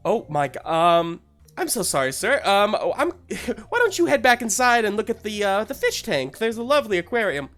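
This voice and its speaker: A man's voice: high voice, very animated, fairly bright tone, faint music behind, pitched above the performer's own voice. A man voicing a flustered, polite hostess who is apologizing to a guest. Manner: flustered, over-apologetic and rushed.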